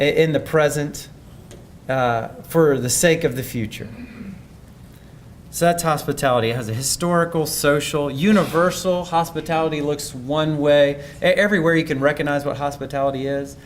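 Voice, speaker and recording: A man's voice: fairly high pitch, slight background noise. A man giving a conference presentation in a conversational, thoughtful way, often restarting his sentences. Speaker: speaker.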